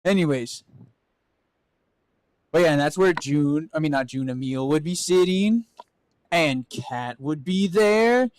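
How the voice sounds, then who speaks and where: A man's voice: a little high, animated, takes it slowly, long pauses, a little mellow, slight background noise, low-quality recording. A man streaming as a VTuber, chatting casually and joking around with his viewers. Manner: playful, joking, swears freely. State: out of breath. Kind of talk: casual live stream chat.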